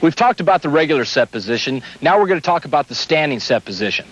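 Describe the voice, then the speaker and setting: Umpire instructor, male, slightly high, methodical delivery; muffled old video audio. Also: fast. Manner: steady, explains step by step. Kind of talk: instructional demonstration.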